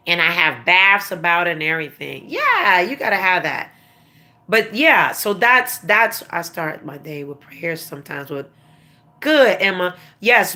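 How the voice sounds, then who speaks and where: A woman's voice: on the low side, sharp tone. A woman, hosting a casual spiritual livestream from her phone, talking loosely and breaking off to speak to her family. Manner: chatty, breaks off to talk to family off camera. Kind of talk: casual live-stream talk.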